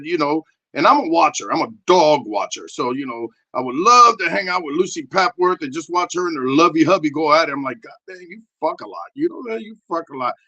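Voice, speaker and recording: A man doing a rambling, crude improvised comedy rant, excitable and prone to sudden shouting. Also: on the high side.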